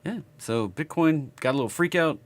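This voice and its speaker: A man's voice: a little high, animated, normal speed. A man with a Southern US accent giving casual live market chart commentary, rambling and thinking aloud as he works. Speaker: market analysis streamer.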